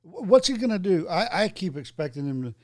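A man's voice: sits high, very animated, a little fast, no room sound, clean studio sound. Blunt, dismissive man in casual talk. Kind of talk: casual political chat.

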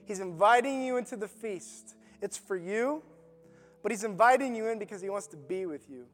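A pastor preaching an earnest, emphatic sermon at a church service, with frequent ums and uhs, then leading a prayer. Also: male voice, high-pitched, lively intonation, moderate pace. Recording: long hall reverb, faint background music.

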